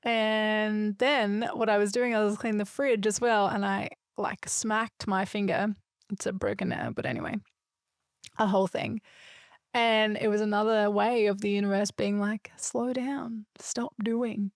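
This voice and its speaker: A woman's voice: mid-range voice, moderate pace, no echo, clean studio sound. A woman hosting a solo podcast, talking in an earnest, emphatic, reflective way. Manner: earnest, emphatic and spiritual, with a few loose swears. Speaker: podcast host.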